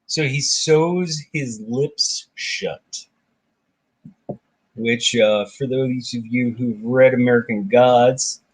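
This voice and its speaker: A man's voice: mid-range voice, breathy edge. A man hosting a casual book discussion, retelling myths in his own words. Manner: animated retelling, voicing characters briefly.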